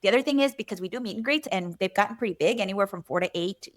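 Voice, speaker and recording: Chatty middle-aged woman doctor guesting on a podcast, steady mid pitch, lots of "you know". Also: very fast. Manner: chatty, peppers speech with "you know" and "right?". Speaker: guest physician. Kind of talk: casual interview chat.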